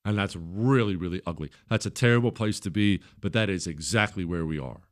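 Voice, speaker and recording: A middle-aged talk radio host delivers an emphatic, opinionated monologue a little quickly. When quoting others, he switches into high, mocking voices.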